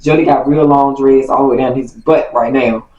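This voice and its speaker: A woman vlogger telling a story from her youth, animated and acting out the quotes. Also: extremely low pitch, moderate pace, highs cut off. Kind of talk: casual storytime. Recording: roomy, distant mic.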